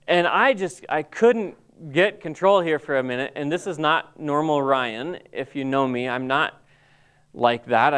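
A middle-aged man telling a halting, emotional personal testimony to a group, full of restarts and pauses. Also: on the high side, clear, resonant tone. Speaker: Bible college staff member.

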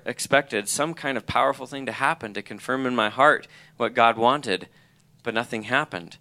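Middle aged guy reading his journal out loud, earnest, bright clear voice. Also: medium pitch. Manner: earnest, reflective, reads his own journal aloud. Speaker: college president or ministry leader. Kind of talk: personal testimony reading from a journal.

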